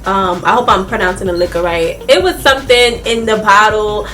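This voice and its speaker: A young woman telling a casual storytime vlog, animated and laughing often, talking straight to her viewers. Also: mid-range voice, normal speed, soft background music. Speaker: vlogger.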